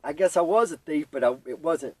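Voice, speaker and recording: Young guy, husky voice, animated storyteller, set back from the mic. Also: on the high side, brisk, no room sound, distant mic, low-quality recording. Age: young adult. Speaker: podcast guest. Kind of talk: telling his recovery story.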